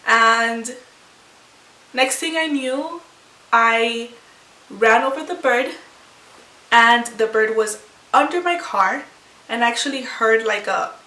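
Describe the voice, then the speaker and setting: A woman's voice: a little high, takes it slowly, pauses often, bright, forceful tone. A young woman vlogger telling a personal story to camera in a rambling, emotional way with many restarts. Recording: echoey room, far from mic.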